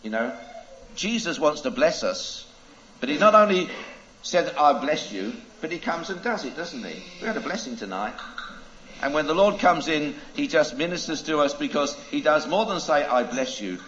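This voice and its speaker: A man, a preacher, telling a children's story with a moral, in an animated, dramatic way with drawn-out phrases. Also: a little high, muffled recording, a little hiss or hum.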